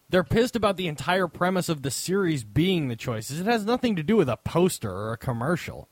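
A male podcast co-host with a slightly high voice that swings widely in pitch. He banters sarcastically and builds into heated rants. The sound is dry and close. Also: sing-song, a little fast, no room sound. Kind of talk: casual podcast chat.

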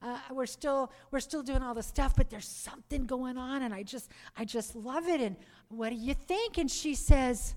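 A middle-aged woman giving her conversion testimony to a live audience, telling her story in a lively way and calling for "Amen.". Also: high-pitched, moderate pace. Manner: lively storyteller who calls for "Amen" and "Praise the Lord". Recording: long reverb of a hall.

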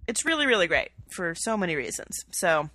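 A woman's voice: on the low side, big pitch swings, brisk, pushed and bright, dry recording. A young woman co-hosting a podcast, chatting casually and gushing with enthusiasm. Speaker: podcast co-host. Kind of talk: casual chat.

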